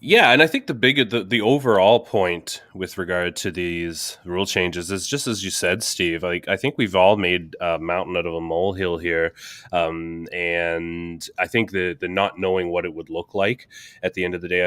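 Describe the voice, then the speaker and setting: A man's voice: low-pitched, a bit bright, no echo, clean studio sound. A Canadian man co-hosting a casual sports podcast, chatting, joking and reading out viewer comments. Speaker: podcast co-host.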